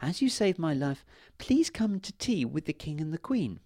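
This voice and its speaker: A man reading a storybook, voicing a tiny grateful female fairy in a high squeaky put-on voice, recorded dry and close. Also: big pitch swings, normal speed, dark tone, dry recording. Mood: sweet pleading.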